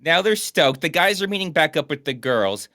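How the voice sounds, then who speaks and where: A man's voice: fairly high pitch, sing-song, moderate pace, background noise. A young man co-hosting a bad-movie review, mocking the film in casual, sarcastic commentary.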